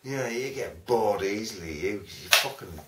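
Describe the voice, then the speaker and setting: A man's voice: on the low side, expressive, normal speed, bright, forceful tone, distant mic. A man, rambling and swearing in a casual chat, often losing his train of thought. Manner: rambling, sweary, easily sidetracked. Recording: roomy sound from off the mic.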